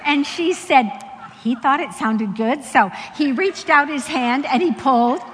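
Woman speaker, bright higher voice, animated sermon storyteller, long hall reverb. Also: unhurried, a little hiss or hum. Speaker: Christian speaker.

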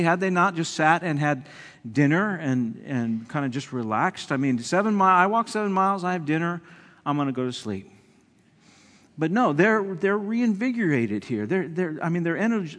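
A man's voice: a little high, moderate pace. Man preaching in a reverberant hall. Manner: animated preaching, repeats and restarts words, swings from loud to quiet. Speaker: pastor. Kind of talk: sermon.

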